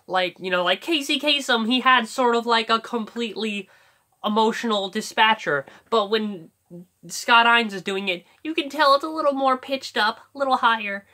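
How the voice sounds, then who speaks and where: In a casual tutorial, a YouTuber thinks aloud about how to do cartoon voice impressions, rambling and leaning on lots of fillers. The voice is medium-pitched and bright, with a forceful tone.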